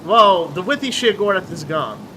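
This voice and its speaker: High, bright-voiced male streamer. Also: lively intonation, slight background noise, poor audio. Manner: joking, halting, full of fillers. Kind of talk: casual game stream chat.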